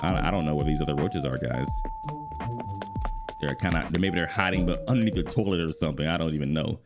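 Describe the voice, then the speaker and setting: A man in his thirties casually chatting about a video game while he plays, animated and quick to exclaim. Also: rumbling low. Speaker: gaming YouTuber and streamer. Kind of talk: casual gaming vlog commentary while playing. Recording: music bed playing clearly behind the voice.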